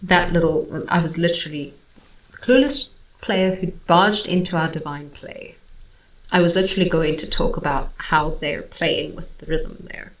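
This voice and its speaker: A woman with a fairly low speaking voice talks casually about a song, breaking into sung rhythms to make her point. Her home microphone picks up a roomy echo. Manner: chatty, breaks into scat-singing rhythms. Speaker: classical singer reacting to music. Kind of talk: casual music analysis.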